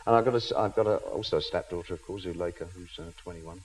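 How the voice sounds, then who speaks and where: A man's voice: deep voice, fast talker, husky, soft background music, rough recording. A man in his fifties, a chat show guest in a television studio, telling self-mocking anecdotes and laughing through them. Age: 50s.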